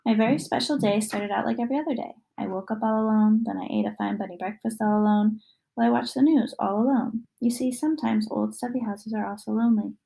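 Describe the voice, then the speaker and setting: A woman reads a children's picture book aloud in a gentle, expressive way. Her voice is mellow and somewhat high, with a gravelly, husky texture. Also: fast, poor audio. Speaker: reader.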